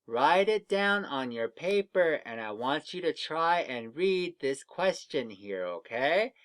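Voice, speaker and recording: A man teaching young children to read, leading slow, patient drills of letter sounds for an online lesson. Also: on the high side, very animated, fairly bright tone.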